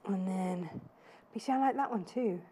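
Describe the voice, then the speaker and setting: A woman's voice: mid-range voice, moderate pace, mellow, a little hiss or hum. A woman in her thirties presenting live TV sales in a chatty, gushing way with self-deprecating asides. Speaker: shopping channel presenter. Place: TV studio.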